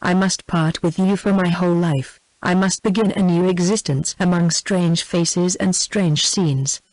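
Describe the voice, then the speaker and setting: A synthetic female voice with a British English accent, reading the lines of a calm, principled young governess in an even, unhurried way. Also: lowish voice, no echo, close to an everyday voice, poor audio. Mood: firm.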